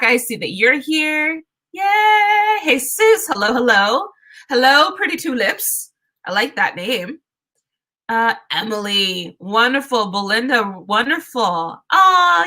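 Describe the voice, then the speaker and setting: A woman's voice: on the high side, bright, forceful tone. A woman hosting a live tarot reading stream, chatting casually and upbeat, greeting viewers by name and often restarting her phrases.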